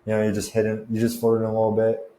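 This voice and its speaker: Deep-voiced young man, echoey room. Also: completely flat delivery, fast talker, dark tone. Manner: laid-back, slangy and chatty. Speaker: fitness and confidence coach. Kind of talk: casual advice vlog. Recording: roomy echo with faint noise.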